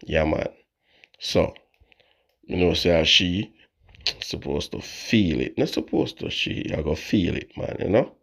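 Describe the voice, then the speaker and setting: Sleepy deep-voiced Jamaican man. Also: a little slow, gravelly, pauses often, a bit bright. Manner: laid-back patois-laced talk. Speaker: channel host. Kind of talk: casual news commentary.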